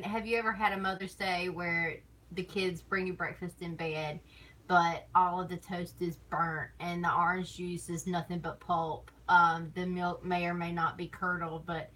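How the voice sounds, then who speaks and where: A woman's voice: lowish voice, a bit bright, low-quality recording. A woman streamer chatting casually on stream, rambling and teasing, laughing often between thoughts. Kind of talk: casual chat.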